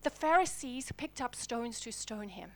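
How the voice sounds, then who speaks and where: A woman's voice: on the high side, animated, a little slow. A woman preaching a sermon to a congregation, telling Bible stories dramatically and dropping to a near whisper at the key moments.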